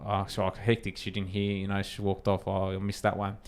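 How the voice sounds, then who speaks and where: A man's voice: deep voice, brisk, smooth. A young Australian man on a casual podcast, telling a story with lots of swearing and acted-out quotes. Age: young adult. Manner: animated, swears freely, acts out quotes. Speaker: podcast co-host.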